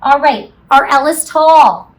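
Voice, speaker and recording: Here a woman with a high-pitched voice teaches kindergartners phonics in a classroom. She keeps it slow, sing-song and encouraging, adding playful sound effects along the way.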